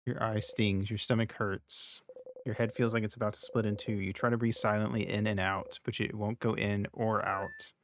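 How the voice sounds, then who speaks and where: Low-voiced man reading game text. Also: level tone, normal speed, slight background noise. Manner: reads game text aloud between short casual remarks. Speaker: streamer. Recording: game music behind.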